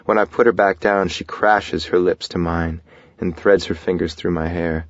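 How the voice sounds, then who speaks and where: A man narrating a first-person romance audiobook in a soft, intimate, reflective way. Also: sits low, creaky, no room sound, lo-fi sound.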